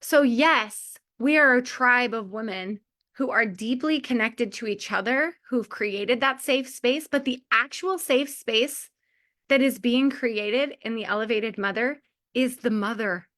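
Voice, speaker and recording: A woman's voice: a little high, measured pace, fairly bright tone. A woman in her forties giving a heartfelt motivational talk to a community of mothers, chatty and full of "like" and small laughs. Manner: chatty, lots of filler "like", laughs often.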